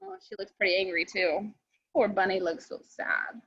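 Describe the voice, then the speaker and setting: A woman, a children's librarian, reading a picture book aloud to children in an animated, expressive way. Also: mid-range voice, moderate pace, husky. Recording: dry, dull lo-fi sound.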